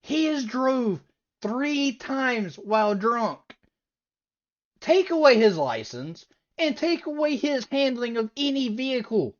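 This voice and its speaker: A woman hosting a reaction video, giving animated, incredulous commentary. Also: on the high side, takes it slowly, lo-fi sound. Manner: animated, incredulous, breaks into laughter.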